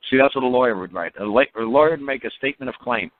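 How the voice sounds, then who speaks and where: On a call-in teaching line, a man rambles through a story very fast, repeating words and acting out quotes. His voice is medium pitch, with no echo on the tinny phone line.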